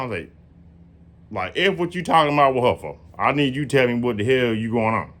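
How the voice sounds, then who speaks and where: A man in his late twenties telling a story in casual, slangy, profane talk, often jumping into high-pitched quoted dialogue. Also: lively intonation, fast, a bit bright.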